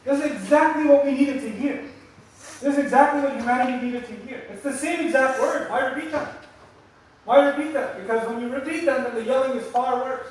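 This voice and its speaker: A man giving a religious lecture in a large mosque hall, animated, acting out scolding lines and repeating points for emphasis. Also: very high-pitched, a little fast. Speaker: lecturer on scripture. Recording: echoey hall recording from a distance.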